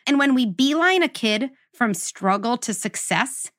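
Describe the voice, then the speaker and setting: A woman's voice: on the high side, animated, measured pace, a bit bright. A woman hosting an interview as a parenting psychologist, explaining her ideas emphatically with lots of "like" and "right?". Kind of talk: interview conversation.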